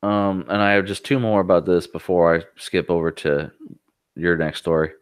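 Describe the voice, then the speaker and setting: A man with a lowish voice co-hosts a casual tech podcast. He reads news stories aloud and breaks off for dry, sarcastic remarks. The recording is close and dry. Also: flat delivery, moderate pace, clean tone, dry recording. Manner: sarcastic asides between read passages. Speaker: podcast co-host. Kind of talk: casual chat, reading news articles aloud.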